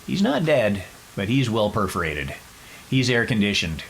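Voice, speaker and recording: Low-voiced male podcast host, chatty storyteller with wry jokes. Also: normal speed, vocal fry, slight background noise, poor audio. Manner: animated, chatty, wry asides. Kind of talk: casual storytelling.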